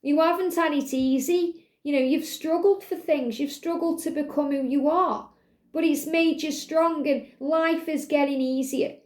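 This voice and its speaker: A woman's voice: sits high, steady tone, a little slow, darkish tone, echoey room. A woman doing a guided card reading for viewers, speaking in a soothing, repetitive way and addressing the listener directly. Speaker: tarot card reader.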